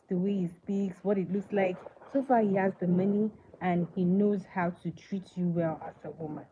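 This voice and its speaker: A woman hosting a casual live movie chat, talking to viewers and often asking them questions, with many fillers. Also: lowish voice. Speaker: livestream movie reviewer. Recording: tinny phone-like line with faint hiss.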